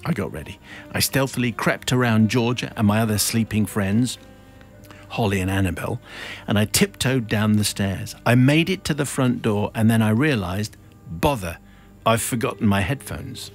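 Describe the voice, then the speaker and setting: A man's voice: on the low side, normal speed, faint music behind. A man hosting a radio show, reading out a listener's confession in a wry storytelling manner with chuckles, then chatting in the studio. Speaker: radio host. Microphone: studio microphone.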